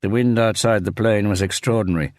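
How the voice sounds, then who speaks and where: A man reading a thriller audiobook in a steady, measured narration. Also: lowish voice, no echo, studio quality.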